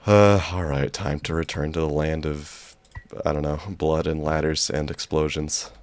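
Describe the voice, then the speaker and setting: A man's voice: extremely low pitch, flat delivery, measured pace. A man giving jokey, sarcastic let's play commentary as a gaming YouTuber.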